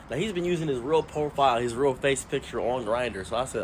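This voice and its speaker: A man telling a funny story about his grandfather, acting out the quotes with lively shifts in voice. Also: medium pitch, a little fast, few pauses, a little hiss or hum. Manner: animated, puts on voices for quotes. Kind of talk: comedic storytelling.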